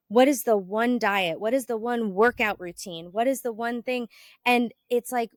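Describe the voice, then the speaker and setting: A woman who is a health coach hosts a podcast, chatting casually and telling stories with lots of animation, peppering her speech with "like." She acts out quoted exchanges with sudden jumps in pitch and volume. The sound is clean studio audio with no echo.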